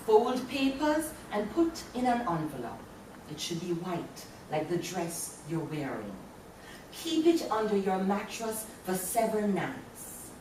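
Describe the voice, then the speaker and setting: A woman's voice: mid-range voice, big pitch swings, takes it slowly, darkish tone. Jamaican woman reading poems in an echoey hall. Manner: playful, chuckling between lines. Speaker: poet. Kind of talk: poetry reading to an audience. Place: university lecture hall. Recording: very echoey hall, voice from far off, faint room noise.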